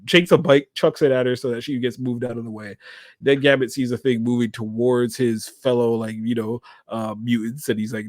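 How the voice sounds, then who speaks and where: A young man hosting his own channel, giving a casual, excitable episode recap that rambles, repeats words and uses lots of slang. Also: mid-range voice, moderate pace, dry recording, clean studio sound. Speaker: channel host.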